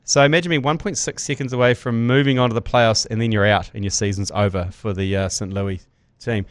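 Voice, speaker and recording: A man's voice: on the low side, a little fast, no echo. A man with a New Zealand accent, chatting on a podcast and telling stories with plenty of swearing. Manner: sweary, animated storytelling. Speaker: podcast host. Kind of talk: casual podcast chat. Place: studio.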